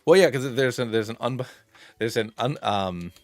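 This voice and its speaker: A man streaming a game live, rambling through his moves and excitedly thanking viewers by name. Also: mid-range voice, normal speed, dry recording, soft background music. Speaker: streamer playing a fusion monster game. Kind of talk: casual live-stream chat and game commentary.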